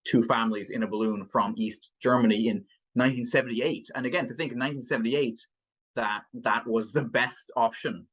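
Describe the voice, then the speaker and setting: A man's voice: medium pitch, fairly even intonation, a little fast, a bit bright, slightly rough. A man co-hosting a book podcast in casual chat, chuckling often and stopping to restart his sentences. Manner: chuckling, many fillers and restarts. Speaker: podcast co-host.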